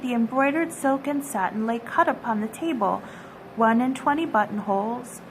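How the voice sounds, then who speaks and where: A woman's voice: on the high side, a little hiss or hum, rough recording. Woman reading a children's story aloud.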